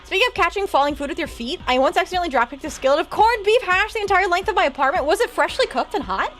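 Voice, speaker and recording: A woman streamer chatting casually and rambling while opening trading cards, quick to laugh. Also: extremely high pitch, animated, a bit bright, faint music behind. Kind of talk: casual live-stream chat.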